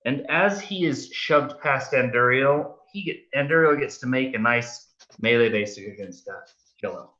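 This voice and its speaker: A man's voice: mid-range voice, moderate pace, sharp tone. A man playing a tabletop game, chatty and a little theatrical as he calls out his moves. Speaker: player. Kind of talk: tabletop game play over voice chat. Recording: dull lo-fi mic.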